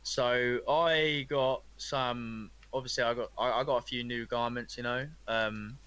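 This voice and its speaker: Laid-back man with a bright voice. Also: mid-range voice, steady tone, a little slow, clear, resonant tone, no room sound. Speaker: podcast co-host. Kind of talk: casual chat.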